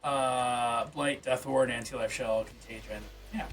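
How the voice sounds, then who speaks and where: A man's voice: medium pitch, fairly even intonation, measured pace, a bit bright, soft background music. A man streaming live, reading game rules aloud and reacting in loose, casual talk with the odd swear word. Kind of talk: casual livestream commentary.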